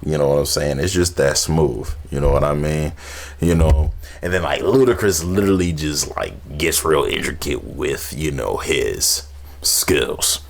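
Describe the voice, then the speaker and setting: A man hosting a casual music reaction, animated, laughing and humming beats between his comments. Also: extremely low pitch, a little slow, creaky. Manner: animated, laughs often, hums beats and sings along. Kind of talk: casual music review chat.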